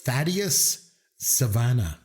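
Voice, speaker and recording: A man co-hosts a laid-back podcast, quizzing his partner with a teasing, self-deprecating humor. His voice swings widely in pitch as he jokes around, sitting at a middling register for a man. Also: takes it slowly. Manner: joking, animated, self-deprecating. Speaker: podcast co-host and trivia quizmaster. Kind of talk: casual podcast chat.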